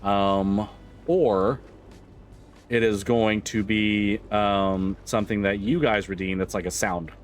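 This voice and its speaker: A man's voice: lowish voice, fairly even intonation, slow pace, a little hiss or hum. A man livestreaming, chatting casually with viewers, laughing often, swearing freely and rambling through restarts. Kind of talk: casual chat with stream viewers.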